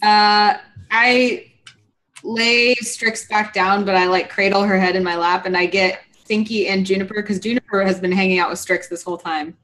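Wry woman player, mid-pitched. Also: steady tone, moderate pace, a bit bright, poor audio. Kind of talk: casual tabletop game chat.

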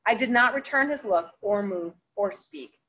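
A woman teacher reading a novel aloud to her class, in an expressive read-aloud manner. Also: medium pitch, moderate pace, dull audio, a little hiss or hum.

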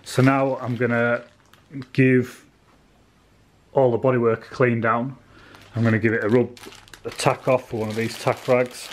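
A man's voice: medium pitch, flat delivery, a little slow, long pauses. A man casually narrating his car restoration work in a garage workshop, plain-spoken and chatty with some swearing.

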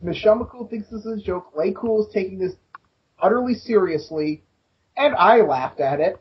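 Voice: medium pitch, lively intonation, moderate pace, heavy background noise. A podcast co-host in casual wrestling chat who laughs often, with an easygoing manner, on dull lo-fi audio.

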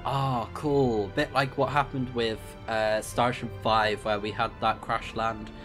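A man's voice: medium pitch, level tone, measured pace, over music. A man hosting a let's play, chatting and reacting with amusement to a game's story. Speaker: gaming channel host.

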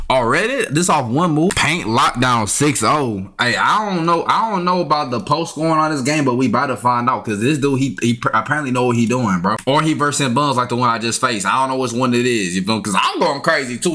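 Frustrated young gamer, lively swooping voice. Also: male voice, medium pitch, slight background noise. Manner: frustrated, trash-talking, yelps up when annoyed. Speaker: gaming YouTuber. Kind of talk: casual gameplay commentary. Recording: faint keyboard and mouse clicks.

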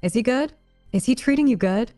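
A woman reading a gentle, teasing young man. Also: on the high side, expressive, a little fast, faint music behind, voice pushed up, lightly acted. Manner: plain read-aloud voice, barely changed from narration.

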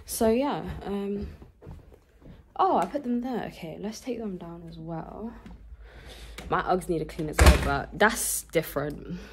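A woman's voice: fairly low pitch, measured pace, background noise. A young woman, stuffy-nosed from the cold, rambling chattily to camera in a vlog, full of fillers and "guys". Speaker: vlogger. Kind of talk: casual chat to camera. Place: home, indoors, small rooms.

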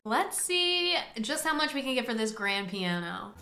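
A woman giving excitable, profane play-by-play commentary on a game, often breaking into laughter. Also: a little high, a little slow, reverberant. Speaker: gaming streamer. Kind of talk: casual gameplay commentary. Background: faint game music.

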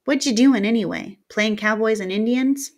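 A woman's voice: fairly high pitch, normal speed, lightly acted. A cocky, self-assured teenage boy, as a woman reads him aloud in an audiobook. He is brash and teasing, talking in easy slang.

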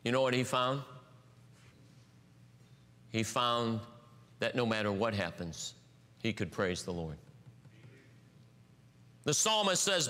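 Bright-voiced man preaching in a reverberant hall. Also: animated, slow, pauses often. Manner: storytelling, swings from hushed lows to raised highs. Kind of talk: sermon. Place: church sanctuary.

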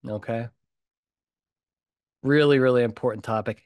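Talking a little slowly in a mid-range voice, a man hosts his own solo podcast, recorded at studio quality with no room sound. He speaks bluntly, with animated emphasis and frequent punchy repetition.

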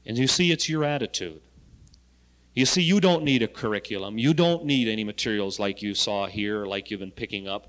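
A man's voice: fairly low pitch, animated, brisk, a bit bright. A man giving an anecdotal lecture to students as a health education coordinator, asking rhetorical questions and telling folksy stories. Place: lecture hall. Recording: reverberant hall, 1970 archive recording.

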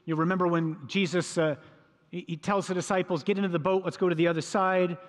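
A man, a priest, preaching a sermon in a lively storytelling way, acting out voices from the scripture scene. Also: high-pitched, fast talker, big-room sound. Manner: storytelling, acts out voices of disciples.

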